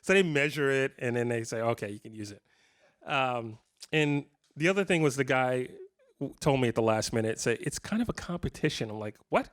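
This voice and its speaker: His mid-range voice is clean in tone and fairly quick. The man, in his 50s, spins self-deprecating, meandering tales for a live audience at a guitar shop clinic, with many false starts.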